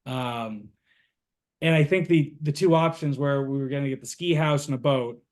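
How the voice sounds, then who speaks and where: A man's voice: mid-range voice, normal speed. A young man from Boston, a guest on an interview show, telling stories casually with frequent fillers and chuckles. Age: young adult. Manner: relaxed storyteller, chuckles often, many fillers. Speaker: guest, university co-founder.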